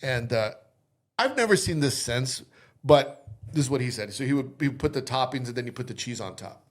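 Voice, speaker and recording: A man's voice: mid-range voice, expressive, brisk. A man hosting a casual interview, who tells stories bluntly and swears freely. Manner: brash storyteller, swears freely. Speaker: host and chef.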